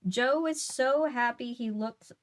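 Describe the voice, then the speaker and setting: A woman reading a book aloud in a relaxed way, dropping wry chatty asides. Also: a little high, slow pace. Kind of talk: read-aloud with casual asides.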